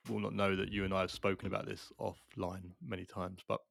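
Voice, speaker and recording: A man's voice: deep voice, flat delivery, fairly quick, creaky, fairly bright tone, slight background noise. A man hosting an interview, asking long winding questions and correcting himself as he goes. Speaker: interview host. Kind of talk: casual interview conversation.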